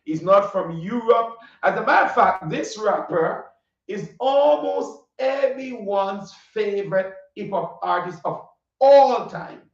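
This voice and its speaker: Caribbean guy hosting an interview, higher voice, sounds far off the mic in a dull echoey room, laughs a lot. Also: slow pace, vocal fry. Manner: animated, laughs often, repeats questions. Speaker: interview host. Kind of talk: casual video interview. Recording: distant, roomy, dull audio.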